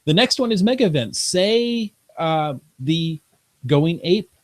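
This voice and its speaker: A man co-hosting a casual podcast, relaxed and joking as he leads the topic. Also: a little high, slow, no echo. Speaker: podcast co-host.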